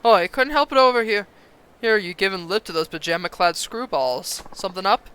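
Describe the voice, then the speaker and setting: A man's voice: high-pitched, expressive, a little fast, sharp tone, a little hiss or hum. A man voicing a brash, streetwise yakuza man who talks in a slangy, offhand, cocky way, reading game dialogue aloud.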